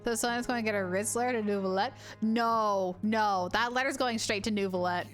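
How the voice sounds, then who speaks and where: A woman streaming a video game live, excitable and quick to burst into loud laughs and exclamations, with game music faint behind her. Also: medium pitch. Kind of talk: live gameplay commentary.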